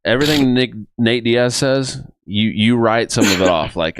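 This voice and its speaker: A man's voice: medium pitch, lively intonation, normal speed, few pauses, no echo. A man co-hosting a fight podcast who often stumbles and restarts as he reasons his way through his points. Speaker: podcast co-host. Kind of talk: casual chat.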